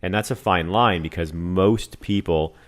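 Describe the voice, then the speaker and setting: A man co-hosting a podcast who works as a tattoo artist, talking in relaxed casual chat and laughing often. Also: low-pitched, unhurried. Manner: relaxed, laughs often, many fillers and "right" backchannels.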